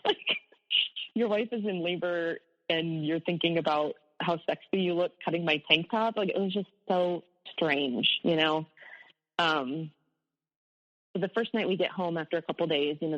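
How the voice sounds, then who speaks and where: A woman's voice: low voice, in a large hall. Woman telling her story over a lo-fi line. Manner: candid, laughs ruefully at hard memories. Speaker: guest, abuse survivor. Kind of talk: personal storytelling in an interview.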